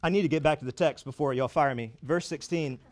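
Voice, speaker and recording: High-voiced, emphatic preacher man. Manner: emphatic, building repetition with dramatic pauses and wry asides. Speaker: pastor. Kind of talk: sermon.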